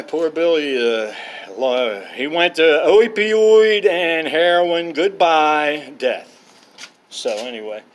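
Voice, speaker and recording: Man, fairly high-pitched speaking voice, blunt and profane, rambles off-track while telling stories. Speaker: storyteller. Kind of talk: rambling personal anecdotes.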